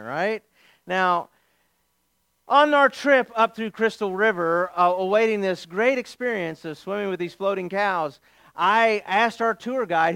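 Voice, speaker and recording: A male pastor preaches with an animated, joking storytelling style. His voice sits high for a man and rings smooth and resonant. The sound is dry and close, with no room echo. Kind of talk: sermon with humorous storytelling.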